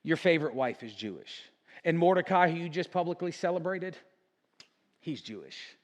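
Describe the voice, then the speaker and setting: A man voicing a young queen in a hushed, low voice, in a reverberant hall. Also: lively intonation, normal speed, dull audio, natural voice. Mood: firm. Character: brave, quiet young queen. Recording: long church hall reverb.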